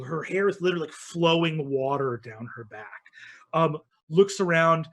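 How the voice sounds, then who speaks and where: A man narrating a tabletop game as dungeon master in a relaxed, meandering way with many fillers. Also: fairly high pitch.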